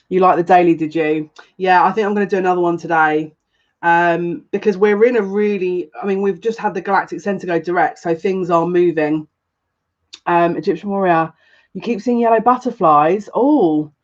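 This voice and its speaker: Recorded with lo-fi sound, this woman's voice sits fairly low. She's a psychic reader rambling casually on a live stream, welcoming viewers individually by name, and her noticeable accent draws compliments from them.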